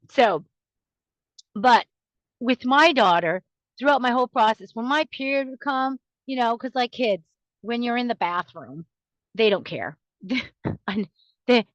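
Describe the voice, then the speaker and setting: A woman in her thirties talks through her podcast in a chatty, confiding monologue, with light laughs between sentences. Her voice sits a little high, and the sound is dry and dull, with a sniffly runny nose. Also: no room sound. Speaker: podcast host. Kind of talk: casual monologue.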